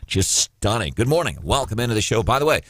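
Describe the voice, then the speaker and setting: A man hosting morning talk radio, with a low-set voice and a sarcastic, combative edge. He is close on the mic in a dry studio, with no room sound. He fires opinions straight at his listeners. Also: big pitch swings, fast, a bit bright, husky, no echo. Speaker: radio show host.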